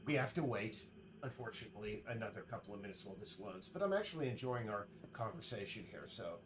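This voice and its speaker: A man streaming, chatting casually in a rambling, halting way full of restarts while he works. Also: lowish voice, expressive, background noise. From United States.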